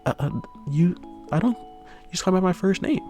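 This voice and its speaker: A man's voice: fairly low pitch, fairly even intonation, quick pace, darkish tone, faint music behind, lightly acted. A man voicing a shy, flustered teenage girl hero student who stammers, in a narrated fan story.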